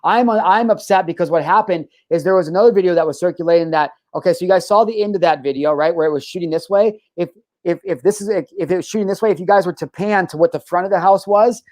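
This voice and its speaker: A man's voice: high-pitched, fast, darkish tone. A young man hosting a solo podcast, ranting heatedly and profanely, often stopping to restart his sentences. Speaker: podcast host.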